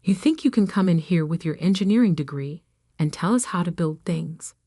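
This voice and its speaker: Brief: domineering arrogant uncle, cold and dismissive, low dry read by a woman narrator. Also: lively intonation, a little fast, dark tone, no room sound. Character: arrogant domineering middle-aged uncle, company boss.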